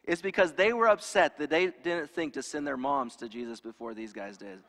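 A man's voice: a little high, moderate pace, a bit bright. A man preaching a sermon in a conversational way, asking his congregation rhetorical questions. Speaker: pastor. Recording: long hall reverb.

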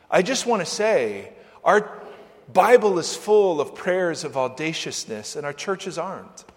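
Animated, high-voiced male pastor preaching. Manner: animated and conversational, with sudden swings between loud and soft. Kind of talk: sermon. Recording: long church-hall reverb.

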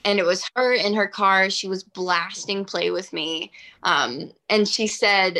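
Young woman, bright, tense tone, chatty interview guest peppering every line with "like.". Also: medium pitch, measured pace. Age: 20s. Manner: chatty, heavy use of "like", animated. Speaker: singer-songwriter guest. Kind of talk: casual interview storytelling.

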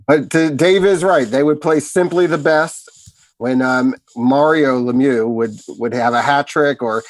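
Panelist, male, measured explainer, dry close sound. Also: medium pitch, dry recording, low-quality recording. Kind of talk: casual chat.

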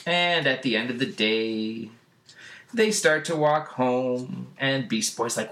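A man casually recapping a comic book on a podcast, often laughing and jumping into high put-on voices for the characters. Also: normal speed, pushed and bright. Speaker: podcast host.

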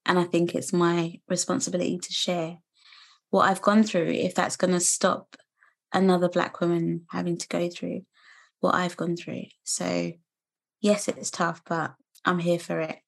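A British woman in her thirties, a guest speaking earnestly and reflectively in an interview, pausing and restarting as she thinks. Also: lowish voice, completely flat delivery, gravelly. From United Kingdom. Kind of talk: candid interview conversation.

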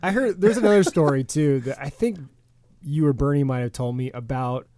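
A man's voice: on the high side, brisk, dark tone, no room sound, clean studio sound. A man hosting a casual podcast chat, asking curious, prompting questions.

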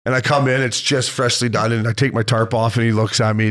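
A male podcast co-host telling animated stories in casual chat, swearing and acting out quotes. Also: medium pitch, fast talker, hardly any pauses.

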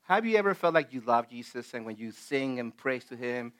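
A man's voice: mid-range voice, lively intonation, a little fast, a bit bright. A man who is not a native English speaker, leading a casual Bible study in an earnest, emphatic way with many fillers and restarts. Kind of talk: casual group Bible teaching.

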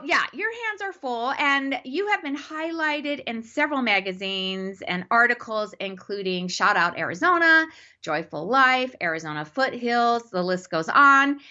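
A woman's voice: on the high side, sharp tone, highs cut off. A woman hosting a faith-based podcast, enthusiastic and emphatic, introducing and questioning her guest with frequent laughter. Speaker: podcast host.

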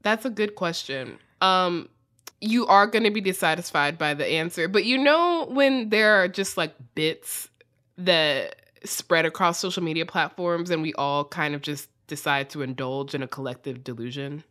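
A woman's voice: on the low side, moderate pace, a bit bright. A woman with an American accent hosting a podcast, chatting casually, reading listener questions and often saying "like". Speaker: podcast host. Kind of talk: casual chat.

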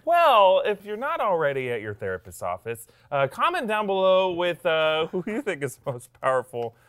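Lively male podcast co-host. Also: on the high side, a little fast, clear, resonant tone, dry recording. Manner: reactive, laughs often, lively sign-off patter. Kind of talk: casual chat, show sign-off.

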